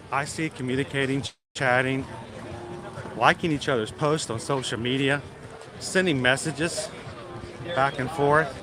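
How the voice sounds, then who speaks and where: A chatty, upbeat man hosts a live stream outdoors, talking straight to his viewers as he goes. His voice sits at a middling pitch. Steady outdoor noise and background bustle run under the whole recording. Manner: chatty, upbeat, addresses the chat directly. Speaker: livestream host. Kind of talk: casual live-stream chat. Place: outdoors at a busy theme park. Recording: noisy outdoor ambience.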